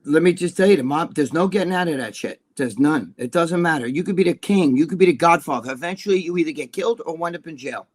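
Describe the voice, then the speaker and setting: Fast-talking, foul-mouthed New man. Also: on the high side. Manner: profane, rambling storyteller who talks nonstop. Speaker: guest, bodybuilding personality. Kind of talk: casual podcast chat.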